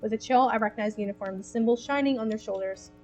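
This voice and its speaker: A woman's voice: on the high side, quick pace, darkish tone, slight background noise, poor audio. A young woman streaming a story game, reading it aloud and reacting emotionally with giggles. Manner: emotional, giggly, easily moved.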